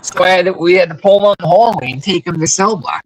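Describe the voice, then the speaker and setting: A man's voice: sits high, quick pace, noisy background. Blunt, profane man telling stories. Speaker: livestream host. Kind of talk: casual chat.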